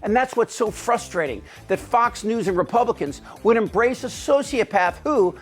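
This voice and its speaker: A man's voice: sits high, lively intonation, normal speed, soft background music. Biting male political commentary host. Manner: biting, sarcastic delivery.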